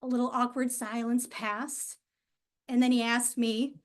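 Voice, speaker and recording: A woman with a high voice delivers a humorous storytelling speech at an event. She is wry and self-mocking and leans on dramatic pauses and sighs. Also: flat delivery. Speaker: club speaker. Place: event hall.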